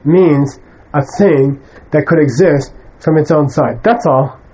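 In a low-quality recording with slight background noise, a man whose mellow voice sits a bit higher than usual teaches Buddhism to students in a conversational style. He's blunt and emphatic in dismissing mistaken ideas, and often checks in with listeners by asking "okay?".

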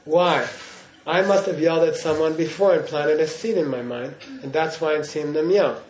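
A man's voice: fairly high pitch, moderate pace, a little mellow, a little hiss or hum. A man giving a Buddhist teaching in class, in a playful way, often checking in with his listeners. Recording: roomy hall echo.

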